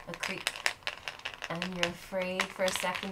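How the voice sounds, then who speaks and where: A woman running a family tabletop game as game master, telling the story in an animated and encouraging way. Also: mid-range voice, normal speed, very noisy.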